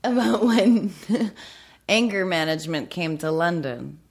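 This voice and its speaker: A woman with a low, gravelly voice speaks slowly, drawing out her words as she chimes in. Her tone is unhurried and casual. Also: expressive. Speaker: guest comedian. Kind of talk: casual chat.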